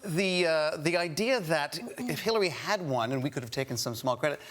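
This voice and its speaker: A middle-aged man from Canada, an actor guest on a chat show, telling lively anecdotes with frequent laughter. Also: fairly high pitch, brisk, heavy background noise. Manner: animated storyteller, laughing often. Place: television studio with live audience.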